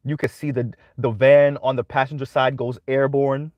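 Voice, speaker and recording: A man talks his way through a monologue in a casual, conversational way. He keeps tagging his points with "right?" The sound is dry and close, with no room in it, and his voice sits at a middling pitch. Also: level tone, moderate pace, no room sound, highs cut off. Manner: conversational, repeats "right?" often. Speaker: commentary channel host.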